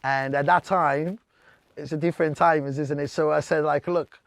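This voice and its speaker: A man from Brazil, whose first language is Portuguese, telling stories in a casual podcast chat and acting out what people said with big jumps in pitch. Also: moderate pace, vocal fry, no echo. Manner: animated, acts out quotes with big jumps in pitch. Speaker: DJ, podcast guest. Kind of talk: casual storytelling.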